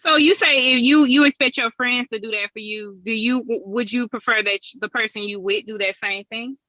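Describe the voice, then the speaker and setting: A woman co-hosting a casual talk show, speaking in a relaxed, conversational way with trailing restarts. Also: on the high side, moderate pace, dry recording, lo-fi sound. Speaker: podcast co-host. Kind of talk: casual chat.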